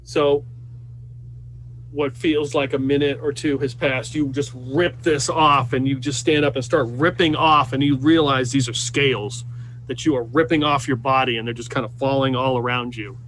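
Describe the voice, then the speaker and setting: A man's voice: medium pitch, steady tone, moderate pace, fairly bright tone, slight background noise. A man acting as game master, narrating a tabletop game over a voice call in a loose, hesitant way with many fillers.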